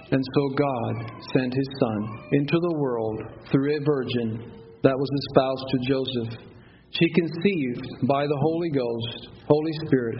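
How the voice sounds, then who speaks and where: A man's voice: fairly high pitch, muffled recording, a little hiss or hum. A man in his forties preaching a sermon with an earnest, repeating cadence, reading scripture aloud. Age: 40s.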